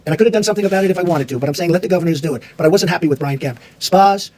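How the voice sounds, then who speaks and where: A man's voice: high voice, racing, a little mellow. Combative man at a press briefing. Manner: combative, repetitive phrasing. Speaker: president.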